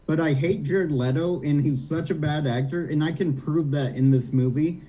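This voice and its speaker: A man's voice: fairly high pitch, moderate pace, dark tone, low-quality recording. A man guest on a comedy chat, ranting casually with laughs.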